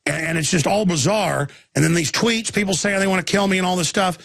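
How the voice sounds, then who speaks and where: Talk radio host, male, high-pitched and gravelly; rambling, intense monologue full of restarts and bursts of volume. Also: brisk, a bit bright, no room sound, studio quality. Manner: intense, rambling storytelling with frequent restarts and outbursts.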